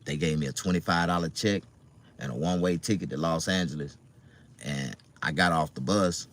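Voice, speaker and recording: A man's voice: rumbling low, brisk, fairly bright tone. A middle-aged man with a Southern US accent, telling his life story casually to his viewers, loose and profane with lots of fillers.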